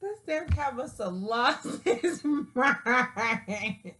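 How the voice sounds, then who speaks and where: A woman's voice: high-pitched, expressive, extremely slow, a bit bright, a little hiss or hum. A woman chatting casually to her viewers, laughing often and scolding her cat, with frequent swearing. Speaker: vlogger. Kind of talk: casual chat to camera.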